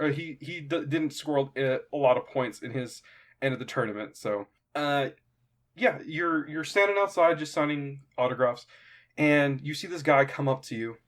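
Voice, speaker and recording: A young man narrating a tabletop game as game master, halting and stopping often to find his words. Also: medium pitch. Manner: halting, lots of fillers and restarts.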